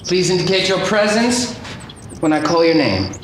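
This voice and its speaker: A formal male English teacher who speaks in a clipped, lively roll-call manner. His voice carries through an echoey classroom and is heard from some way off, with a faint hiss behind it. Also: high-pitched, normal speed, recorded from a distance. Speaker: high school English teacher.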